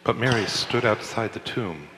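A man narrates a scripture passage in a low, bright voice that swings widely in pitch. His delivery is expressive and emphatic, echoing in a long-reverb hall. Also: moderate pace, a little hiss or hum. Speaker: scripture reader. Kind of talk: dramatic group scripture reading.

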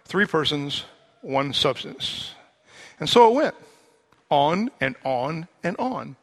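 A man's voice: on the high side, big pitch swings, slow pace. A man preaching a sermon as a pastor, conversational and wry, dropping humorous asides between serious points.

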